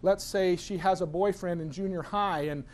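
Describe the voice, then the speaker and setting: Giving a personal-growth lecture to an audience, a middle-aged man spins lively stories and acts out the voices of the people in them. His voice sits high at a normal speed, with slight hiss or hum on the recording.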